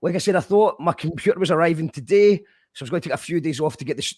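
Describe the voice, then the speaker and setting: A man's voice: on the high side, animated, racing, a little mellow, husky, no room sound, studio quality. A man with a Scottish accent hosting a casual radio interview, chatty and swearing casually. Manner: chatty, swears casually, reads out listener comments. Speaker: radio show host.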